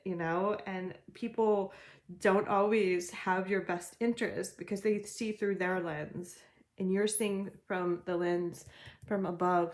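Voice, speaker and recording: A woman's voice: lowish voice, darkish tone. A woman giving a general tarot reading, talking in an encouraging, chatty way and laughing often. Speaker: tarot reader.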